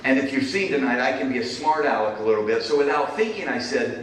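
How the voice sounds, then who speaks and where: A man's voice: medium pitch, fast. Middle-aged male keynote speaker, punchy phrasing and dry wit, distant mic in a big reverberant hall. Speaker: keynote speaker, business professor. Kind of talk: conference keynote talk. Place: large conference hall. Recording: echoey hall, distant mic, faint noise.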